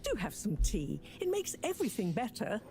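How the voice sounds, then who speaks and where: A woman's voice: medium pitch, wildly swooping pitch, moderate pace, warm tone, slight background noise. An actress playing a prim, motherly woman professor in a video game, with precise, proper diction and a fondness for proverbs. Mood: fussy.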